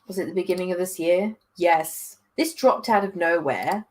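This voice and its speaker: A woman vlogger chatting casually about new anime, reacting in an excitable, gushing way. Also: lowish voice, normal speed. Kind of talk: casual chat.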